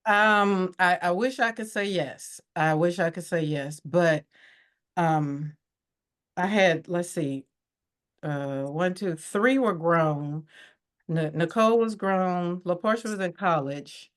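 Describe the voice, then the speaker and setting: A woman's voice: on the low side, slow pace. A woman as a podcast guest, telling her personal story in a candid, reflective way, livening up when she quotes others.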